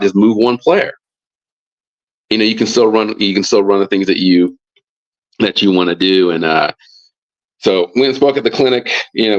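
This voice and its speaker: A man's voice: on the low side, muffled recording. A man, a football coach, telling a casual story on a podcast, full of fillers and restarts. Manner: rambling with many fillers and restarts. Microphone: live stream mic.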